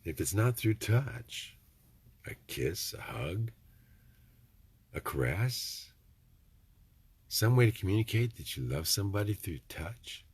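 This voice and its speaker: A man's voice: lowish voice, very animated, takes it slowly, long pauses, husky, dry recording. A middle-aged man, rambling in a folksy, preachy vlog monologue with joking asides. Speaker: vlogger.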